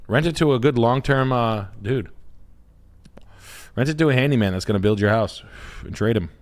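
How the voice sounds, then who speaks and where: A man co-hosting a podcast, in casual, jokey banter with fast bursts. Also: medium pitch. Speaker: podcast co-host.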